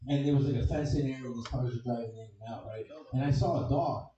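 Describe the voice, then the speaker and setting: A man's voice: mid-range voice, fast, very echoey, far from the mic, lo-fi sound, crowd noise. A man from Chicago doing a crude, rambling stand-up comedy set, swearing constantly. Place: comedy club stage.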